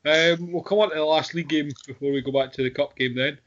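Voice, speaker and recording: A man's voice: on the high side, steady tone, fast talker, a bit bright. A man hosting a football podcast, jokey and loose, often laughing as he talks. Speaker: podcast host. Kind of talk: casual football chat. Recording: muffled lo-fi audio with faint noise.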